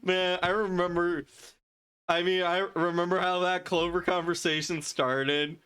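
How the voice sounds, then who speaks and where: Bright, laughing male game streamer. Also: high-pitched, level tone, unhurried, smooth. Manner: rambling and self-amused, laughs often. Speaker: gaming streamer. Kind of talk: casual gameplay commentary.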